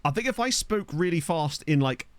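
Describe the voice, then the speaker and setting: A man with a neutral British accent chatting quickly and casually to his live-stream viewers while playing a football management game. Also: fairly high pitch, animated, fairly bright tone, no room sound. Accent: neutral British English. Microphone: desktop USB microphone.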